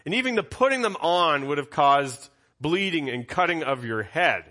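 A man with a bright, forceful voice sitting a touch higher than most men's, walking his congregation through a Bible passage. He teaches in a conversational way and keeps asking them questions as he goes. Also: expressive, moderate pace. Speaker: pastor.

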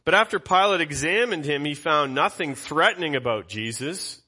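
A man's voice: on the high side, expressive, moderate pace, pushed and bright, husky. A male pastor giving an expository Bible teaching in a conversational way, putting questions to his congregation.

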